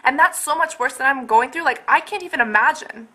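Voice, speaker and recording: A woman's voice: high-pitched, fairly quick, sharp tone. A young woman in a casual video update at home, talking to her camera in a rambling, exasperated way full of fillers. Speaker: vlogger. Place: at home, indoors.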